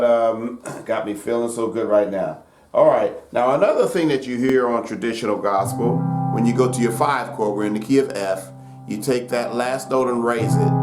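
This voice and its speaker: A man teaching gospel piano in a relaxed, folksy way, with many fillers and loud piano under his talk. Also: medium pitch. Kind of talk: casual piano lesson. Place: room with piano. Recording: roomy echo over loud piano.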